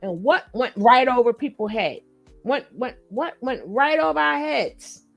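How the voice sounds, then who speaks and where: A woman's voice: high-pitched, expressive, measured pace, gravelly, soft background music. A woman hosting a reaction commentary, talking bluntly and mockingly with plenty of profanity. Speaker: commentary channel host.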